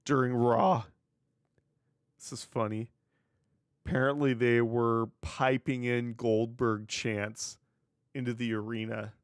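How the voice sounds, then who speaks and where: Slow, sarcastic man doing wrestling commentary. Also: medium pitch, little pitch movement, clean tone, no room sound, clean studio sound. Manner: sarcastic, swears freely. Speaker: wrestling news podcast host. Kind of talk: casual solo commentary.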